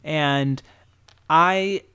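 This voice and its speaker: Guy in his 30s, higher voice, animated emphatic podcast chat, pitch jumps all over. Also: very slow, clean tone. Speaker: podcast co-host. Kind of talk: casual chat.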